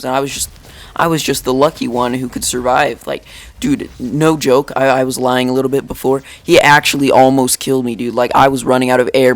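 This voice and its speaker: A teenage boy telling a story from school in a casual vlog, rambling and joking, with lots of "like" and "dude". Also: medium pitch. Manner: rambling, jokey, full of "like" and "dude". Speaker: YouTuber.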